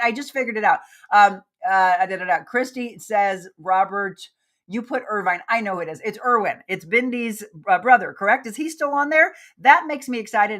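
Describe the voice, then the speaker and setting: A woman's voice: medium pitch, a bit bright. A woman hosting a live show, chatting casually and upbeat while reading viewer comments aloud and talking straight to her audience. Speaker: livestream host.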